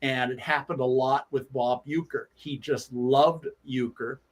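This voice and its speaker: A man guesting on a sports talk show and telling stories with lively energy, his voice sitting at an ordinary middle pitch. He stops and restarts his sentences often. He slips into the voices of the people he quotes. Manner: animated, acts out quoted lines; halting with frequent restarts. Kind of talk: anecdotal storytelling on sports radio.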